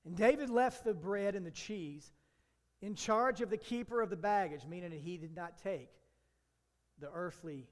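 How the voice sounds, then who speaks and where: A high-pitched man preaches an animated sermon, slipping into the voices of biblical characters as he tells the story. His voice rings out with a long hall reverb around it. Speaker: pastor.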